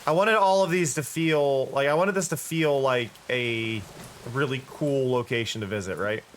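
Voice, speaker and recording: A man's voice: medium pitch, moderate pace, a little hiss or hum. A tired-sounding man streaming a game, thinking aloud in casual commentary with frequent restarts. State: tired, yawning.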